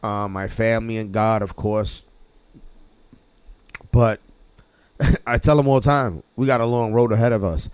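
A man's voice: lowish voice, fairly even intonation, unhurried, long pauses, darkish tone, clean tone, no echo. A man hosting a casual podcast chat, rambling with many restarts and chuckles. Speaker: podcast host.

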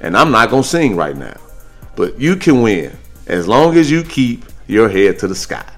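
A man hosting a podcast, telling stories in a casual, animated way, with his voice jumping higher when he jokes. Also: normal speed, soft background music. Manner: animated storytelling, jumps high when joking. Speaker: podcast host.

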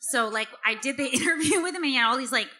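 A woman's voice: high voice, animated, quick pace, pushed and bright. A woman hosting an interview, chatty and enthusiastic. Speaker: interview host. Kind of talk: casual interview.

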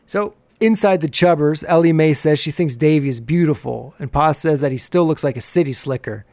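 A man's voice: on the high side, brisk, darkish tone, no room sound. Chatty man recapping with a laugh. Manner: chatty, laughs often while retelling scenes. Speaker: podcast host. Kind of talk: casual episode recap.

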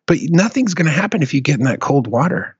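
Animated, swearing man ranting. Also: a little high, fast talker, slightly rough, dry recording, highs cut off. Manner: animated, profane storytelling rant. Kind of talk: casual chat.

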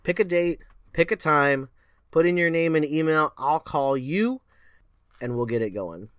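A man hosting his own podcast as a performance coach, talking in a playful, animated way and throwing in sound-effect words. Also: fairly high pitch, measured pace, clean tone, no echo, clean studio sound. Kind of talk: casual solo podcast monologue.

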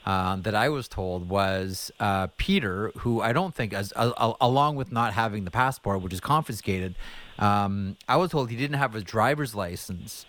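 A man hosting a podcast interview, asking questions with halting restarts. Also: on the low side, fairly bright tone. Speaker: podcast host. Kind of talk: conversational interview.

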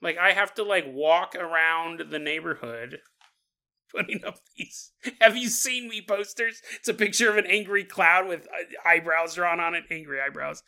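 The host of this paranormal podcast rambles comedically, laughing a lot and impersonating the people he quotes. He speaks at a moderate pace in a fairly high voice that's gravelly, pushed, and bright.

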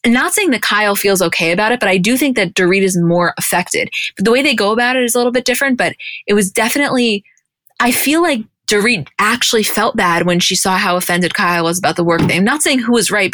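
A blunt, opinionated woman co-hosts a casual podcast and swears freely as she argues her points. Her voice sits at a middle pitch and is recorded dry and close to the mic. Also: expressive, fast talker, fairly bright tone, dry recording. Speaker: podcast co-host. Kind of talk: casual chat recapping reality TV.

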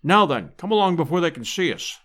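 A man voicing a bluff, slangy aristocratic English hunter who speaks briskly and heartily. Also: on the high side, very animated, a bit bright. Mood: hearty.

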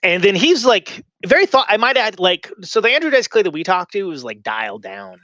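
A man telling a long tour story in casual podcast chat, animated and swearing freely. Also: high voice, fairly quick, no echo, muffled recording.

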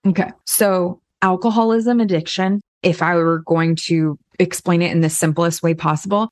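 Low-voiced female podcast host and counselor; candid, casual, dry close sound. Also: dry recording. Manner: frank and candid, swears casually. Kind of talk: conversational podcast advice.

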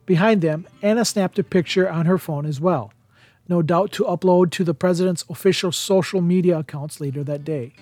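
A man reading a chapter of a holiday novel aloud as a podcast narrator, in a steady, even storytelling manner. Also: sits high, normal speed, no room sound, faint music behind. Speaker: podcast reader. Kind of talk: audiobook narration.

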